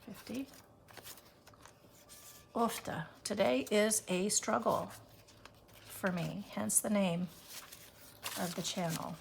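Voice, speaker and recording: A woman counts bills out loud for her budgeting vlog, her voice slipping into gravelly fry as she goes. She murmurs numbers softly and adds self-deprecating comments, over a faint hiss of background noise. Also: mid-range voice, takes it slowly, pauses often. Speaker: budgeting vlogger. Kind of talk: casual cash-stuffing vlog.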